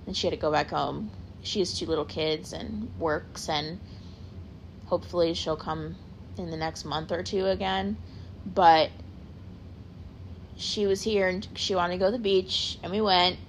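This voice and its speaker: A woman's voice: fairly low pitch, fairly even intonation, unhurried, long pauses. Young woman, solo podcast chat, rambling and self-correcting, faint hum behind. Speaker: podcast host.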